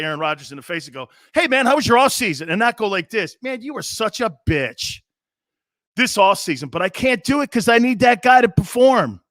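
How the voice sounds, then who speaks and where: High, bright-voiced ranting sports host. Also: male voice, no room sound, studio quality. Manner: animated ranting, sarcastic, mocking mimicry. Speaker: sports talk show host. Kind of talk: opinionated sports commentary.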